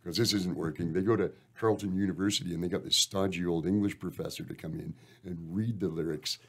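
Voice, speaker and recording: A man's voice: sits low, fairly even intonation, quick pace, slightly rough. A Canadian man, a band member guest on a radio show, telling long rambling stories with lots of swearing and "eh". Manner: rambling, profane, uses "eh". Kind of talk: casual storytelling interview.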